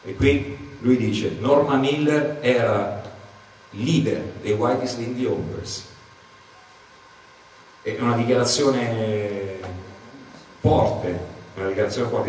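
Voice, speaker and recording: A man's voice: medium pitch, unhurried, long pauses, a little mellow, slight background noise. A man with an Italian accent, hosting a panel and translating back and forth between two languages. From Italy. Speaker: host and interpreter. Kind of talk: bilingual panel talk. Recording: echoey room from far off.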